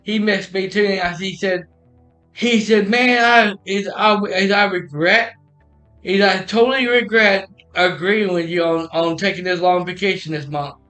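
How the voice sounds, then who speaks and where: Male streamer, high bright voice, rambling casual storyteller, echoey room with faint music. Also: fairly even intonation, unhurried. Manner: rambling, many restarts and retold dialogue.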